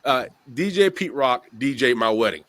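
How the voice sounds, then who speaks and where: A man's voice: medium pitch, normal speed, no echo. A middle-aged man hosting a podcast, telling a long story in casual chat and acting out the people in it. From the Bronx, New York. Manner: animated storyteller, acts out quoted voices. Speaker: podcast host.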